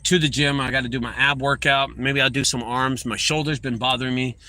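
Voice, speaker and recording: A man's voice: medium pitch, steady tone, brisk, sharp tone. Profane middle-aged man ranting. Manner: profane, heated storytelling. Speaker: junk removal business owner. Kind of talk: casual vlog rant.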